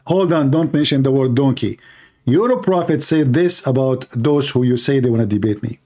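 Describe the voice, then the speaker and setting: Hosting a live religious debate stream, a man delivers a sarcastic, mocking monologue in nonstandard English grammar. His mid-range voice is mellow and moves at a moderate pace.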